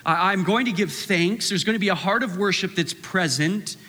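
A man preaching a sermon with animated delivery, acting out the voices of the people he quotes. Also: high voice, normal speed, in a large hall. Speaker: pastor.

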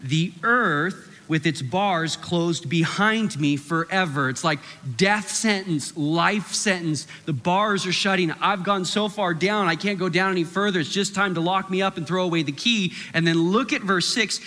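A man preaching a sermon with animated delivery, acting out the voices of the people he quotes. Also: high-pitched, moderate pace, hardly any pauses, long reverb tail. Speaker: pastor.

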